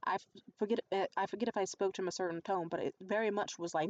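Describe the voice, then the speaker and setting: A young adult woman in a casual vlog monologue, telling stories in a blunt, profane and animated way. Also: medium pitch, fast, muffled recording. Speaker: vlogger.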